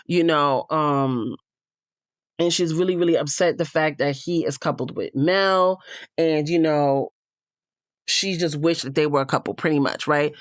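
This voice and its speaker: A woman's voice: sits low, measured pace, no room sound, clean studio sound. A woman hosting a casual show recap, blunt and opinionated, cursing freely as she comments. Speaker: reality show recap host.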